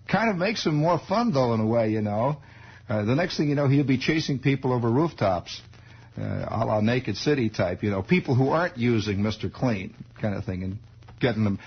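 Wry rambling American radio storyteller. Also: male voice, fairly low pitch, husky. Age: 40s. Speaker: radio host. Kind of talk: improvised radio monologue. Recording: dull archival radio recording.

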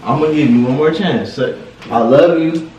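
A man's voice: a little high, normal speed, a little mellow, recorded from a distance, muffled recording, slight background noise. A young man in a casual vlog, teasing and pleading with his girlfriend and repeating himself over and over. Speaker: vlogger. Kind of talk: casual playful chat. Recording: echoey room, off-mic.

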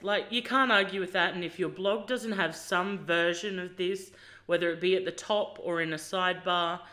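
A woman's voice: medium pitch, a bit bright. Enthusiastic woman blogger gushing over a website. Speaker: fashion blogger and host. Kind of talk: casual screen-share walkthrough.

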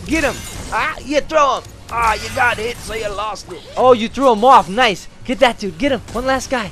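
A man in his thirties giving excited let's-play commentary as a dad coaching his son, yelping and shouting at setbacks. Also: extremely high pitch, normal speed, faint music behind. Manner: animated, yelps and shouts at setbacks. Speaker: gameplay video host, dad.

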